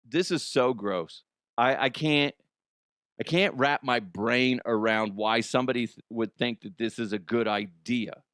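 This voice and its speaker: A man's voice: medium pitch, a bit bright, no echo. Guy hosting a comedy news show, laughs a lot, swears, self-mocking, dry close mic. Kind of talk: casual comedic news chat.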